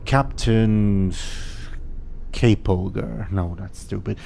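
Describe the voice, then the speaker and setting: A man voicing a blunt, offhand male soldier who talks briskly. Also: lowish voice, steady tone, vocal fry, mellow, a little hiss or hum, heavily acted.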